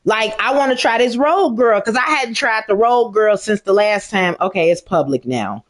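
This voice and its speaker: A middle-aged woman streams a game and chats to her viewers in a loose, profane, animated way, cracking herself up as she talks. Her pitch swings widely from phrase to phrase. She keeps her tone casual throughout. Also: normal speed. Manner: animated, profane, laughs at own jokes. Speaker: gaming streamer. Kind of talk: casual chat to a stream audience while gaming.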